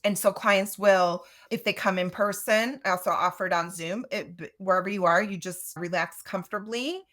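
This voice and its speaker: A woman's voice: mid-range voice, normal speed, a bit bright. A middle-aged woman, a Reiki teacher, explaining her practice earnestly in a casual interview. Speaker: Reiki master teacher, guest.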